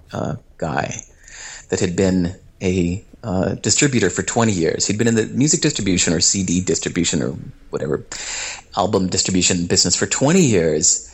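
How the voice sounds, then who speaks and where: A middle-aged man telling stories as an interview guest, animated, acting out quoted voices and laughing as he goes. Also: deep voice, husky. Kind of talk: storytelling interview.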